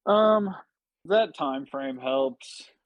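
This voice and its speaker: A man's voice: a little high, expressive, very slow, no room sound, muffled recording. A man talking loosely on a podcast, full of fillers and casual swearing. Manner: laid-back, swears freely, many fillers. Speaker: podcast guest. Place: podcast studio.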